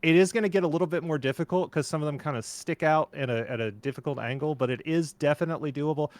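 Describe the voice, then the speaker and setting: Deadpan man mock-guiding a game. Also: on the high side, fast talker, dry recording. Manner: deadpan, instructional. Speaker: co-host. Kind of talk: mock-guide commentary on a game stream.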